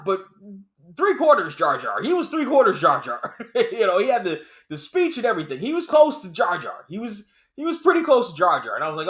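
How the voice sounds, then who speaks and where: Animated, bright-voiced male movie reviewer. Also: high voice, fast. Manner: animated and emphatic, repeating lines for effect. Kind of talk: casual spoken movie review.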